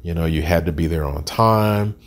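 A man's voice: low-pitched, normal speed. A man in his sixties telling his life story as an interview guest, candid and plain-spoken with frequent ums and restarts. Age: 60s.

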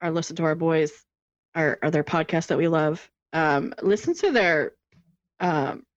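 A woman's voice: low-pitched, measured pace, no echo. A woman co-hosting a casual podcast chat, laughing often and swearing casually. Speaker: podcast co-host. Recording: dull, lo-fi sound.

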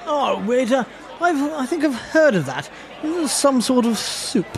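A man's voice: very high voice, sing-song, measured pace, gravelly, a crowd in the background, exaggerated voice. A man playing a clueless, bumbling diner who stammers and blusters. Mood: blustering.

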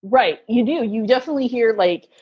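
A woman's voice: a little high, expressive, fairly quick, husky, dull audio. A woman telling stories in a casual interview, laughing often as she talks. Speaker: guest.

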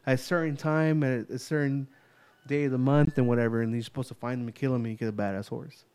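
A man co-hosting a casual podcast, telling a story in an animated, heavily profane way. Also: medium pitch, quick pace, clear, resonant tone. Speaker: podcast co-host. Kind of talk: casual chat.

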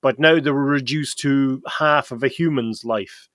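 A man hosts a casual podcast, laying out lore at an unhurried, deliberate pace. His voice sits at a middle pitch and the room sounds dry and close. He explains patiently, with the odd filler. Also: a bit bright, dry recording. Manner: slow, explanatory storytelling with fillers.

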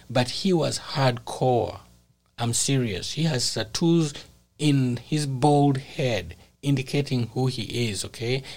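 Earnest male preacher telling a story. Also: mid-range voice. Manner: earnest storytelling, rising to emphatic peaks. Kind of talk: sermon testimony.

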